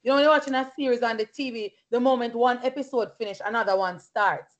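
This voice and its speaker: A woman with a fairly high voice leads a Bible study at a quick pace, delivering it as a fervent sermon mixed with personal testimony. She breaks into hallelujahs and praise between her points, and the recording is lo-fi.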